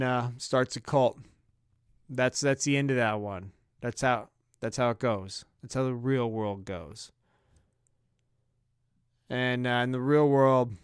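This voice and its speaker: A man telling a comedic story on a podcast, profane and animated, with sudden loud bursts. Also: mid-range voice, clear, resonant tone, no room sound, clean studio sound. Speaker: podcast co-host.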